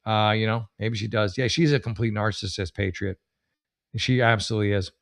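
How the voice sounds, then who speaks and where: A man's voice: lowish voice, fairly even intonation, a little fast, vocal fry. Rambling, self-mocking male comedy host. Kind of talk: casual comedic commentary.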